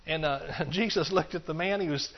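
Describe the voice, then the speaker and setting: At a moderate pace, a man with a slightly high voice delivers a sermon of rhythmic, repetitive phrases punctuated by hallelujahs. The recording is dull and muffled.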